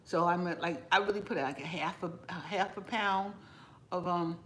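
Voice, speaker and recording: A woman's voice: lowish voice, moderate pace, fairly bright tone. Chatty New woman eating on camera. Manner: chatty, rambling, talks while eating with mouth full. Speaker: cooking vlogger. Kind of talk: casual eating vlog chat with live viewers. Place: home kitchen.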